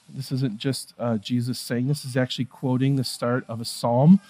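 A man preaching a sermon in a conversational way, moving between hushed, quiet passages and raised, emphatic ones. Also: medium pitch, level tone, moderate pace, few pauses. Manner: conversational, with fillers and asides. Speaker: pastor.

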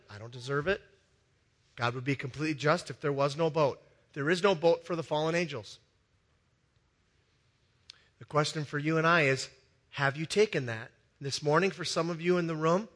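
A male pastor preaching a sermon in a church with a balcony, telling a story that swings from loud, excited passages to soft, hushed ones. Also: on the high side.

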